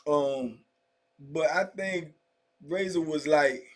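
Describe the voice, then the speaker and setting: Middle-aged man, a bit high for his sex, spinning casual prison stories in loose, slangy talk full of "you know" asides. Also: takes it slowly. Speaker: storyteller recounting prison life. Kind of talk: casual first-person storytelling.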